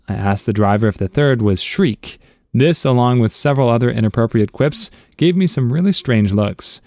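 A man narrating a string of short reader-submitted stories in a steady, even storytelling read. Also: on the low side, dry recording, studio quality.

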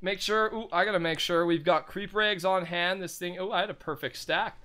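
Bright, high-voiced excitable young gamer guy. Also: moderate pace, clean tone. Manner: excitable, rambling, jokey. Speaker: gaming channel host. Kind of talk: casual gameplay commentary.

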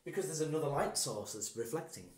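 A man's voice: a little high, lively intonation, quick pace, a little mellow, a little hiss or hum. A man chatting casually over wine at home as a co-host, rambling and reading viewer comments aloud. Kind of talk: casual tipsy chat. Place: home room, at night. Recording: echoey room.

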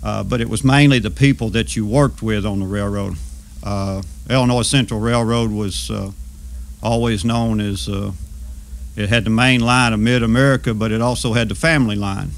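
A man, recalling his railroad years in a measured way with many pauses. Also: on the low side, fairly even intonation, gravelly. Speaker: former railroad worker. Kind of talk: oral history reminiscence.

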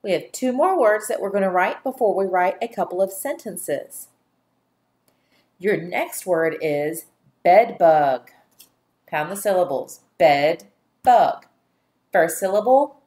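A woman teaching a phonics dictation lesson, speaking deliberately and sounding out each syllable for young learners. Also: medium pitch, animated, a little mellow.

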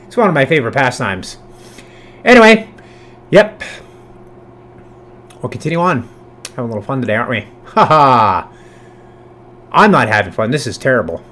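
A man hosting a reaction video in casual, profane commentary, swinging between loud outbursts and low mutters, sometimes cooing baby talk at his cat. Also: very animated, moderate pace, pauses often.

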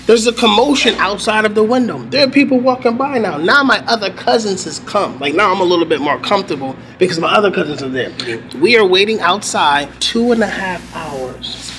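High-voiced, animated man telling a story. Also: a little fast, crowd noise. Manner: animated storyteller, acts out quotes, heavy cursing. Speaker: teacher telling his own story. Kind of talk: animated documentary interview. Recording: interview with clear background noise.

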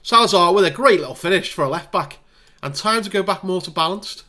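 A man giving casual let's-play commentary on a football management game, chatting through the match with wry asides and bursts of excitement. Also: sits high, brisk. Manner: wry, self-deprecating asides. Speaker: gaming video creator.

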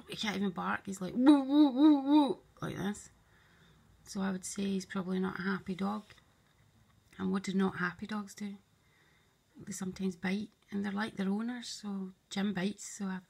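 A woman's voice: mid-range voice, vocal fry, husky. A woman talking in a meandering, confiding monologue, often dropping to a whisper and voicing both sides of an imagined conversation. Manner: hushed, often drops to a whisper. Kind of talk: rambling spoken monologue to camera.

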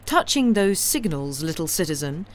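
Cold deliberate revolutionary woman, storybook villain, read by a woman, raised and firm. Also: fairly low pitch, lively intonation, a little hiss or hum. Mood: stern. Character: stern vengeful middle-aged woman revolutionary.

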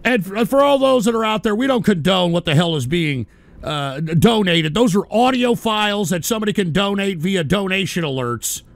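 Gravelly, high-pitched ranting male host. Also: expressive, moderate pace, no room sound. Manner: angry, profane, shouting tirades. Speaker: radio show host. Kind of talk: live call-in radio rant.

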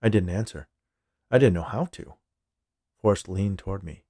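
A man narrating a first-person story calmly as a storyteller. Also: low voice, normal speed, pauses often, dry recording, clean studio sound. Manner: calm first-person telling. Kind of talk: scripted narration.

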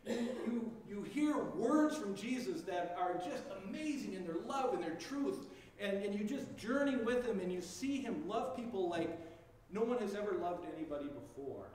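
A man's voice: high-pitched, lively intonation, moderate pace, darkish tone, far from the mic. A male pastor delivering a sermon, telling the story in vivid second person in a conversational way. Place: church sanctuary. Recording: echoey church heard from afar, faint noise.

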